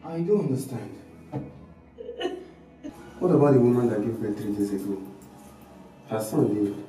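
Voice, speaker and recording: An actor playing a calm, sympathetic doctor who explains events to a grieving queen. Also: medium pitch, normal speed, recorded from a distance, natural voice. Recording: echoey room from afar with music.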